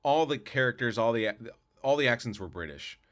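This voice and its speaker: A man's voice: mid-range voice, animated, a little fast, fairly bright tone. A man co-hosting a podcast, chatting casually about movies in a rambling, opinionated way with lots of restarts. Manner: rambling, repeats words, opinionated. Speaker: podcast co-host. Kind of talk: casual movie review chat.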